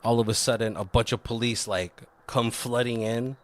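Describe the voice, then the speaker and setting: A man's voice: medium pitch, steady tone, moderate pace, a little hiss or hum. A man on a podcast casually recapping a film's plot, rambling with lots of "like" and frequent swearing. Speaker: podcast co-host. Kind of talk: casual movie recap chat.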